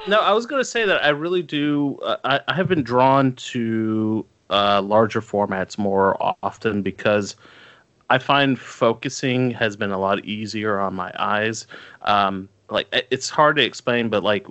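A man's voice: lowish voice, measured pace, a bit bright. A man co-hosting a podcast in casual chat, rambling with many fillers and restarts. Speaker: podcast co-host.

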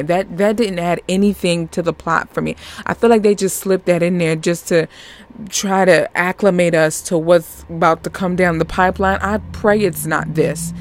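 A woman hosting a podcast, chatting casually and animatedly as she reviews a movie, laughing often. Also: lowish voice. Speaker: podcast host.

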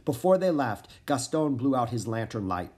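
A man's voice: mid-range voice, normal speed, breathy edge. Male storyteller reading a children's book. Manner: expressive, acts out the characters' lines. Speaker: narrator. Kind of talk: storybook read-aloud.

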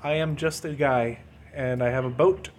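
A man voicing a deadpan male boatman who guides souls through hell, in a slow, mock-solemn podcast skit. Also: mid-range voice, slight background noise, natural voice.

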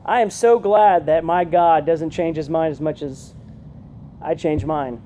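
A woman giving a conversational youth sermon, often checking in with her listeners with a quick "right?". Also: deep voice, warm tone, slight background noise. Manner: chatty, keeps asking "right?". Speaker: youth pastor.

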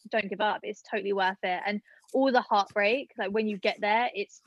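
A guest, a woman in her late twenties, tells a personal story in casual, chatty fashion with many fillers. Her mid-range voice has fairly even intonation and a fairly bright tone at normal speed. The audio has no echo but sounds dull.

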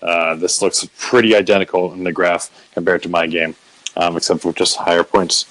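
A man's voice: low-pitched, flat delivery, normal speed, a bit bright, dry recording, low-quality recording. A man hosting a casual podcast recap, swearing often and mocking himself as he rambles with restarts. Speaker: podcast host.

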